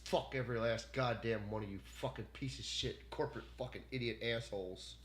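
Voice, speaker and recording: A furious man rants at his computer while streaming from home, swearing without pause. His voice sits at an ordinary middle pitch. The room is echoey and a faint hiss hangs underneath. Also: fairly even intonation. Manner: furious profanity-laden ranting, swinging from yelling to muttering. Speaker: gaming streamer. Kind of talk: angry rant while streaming.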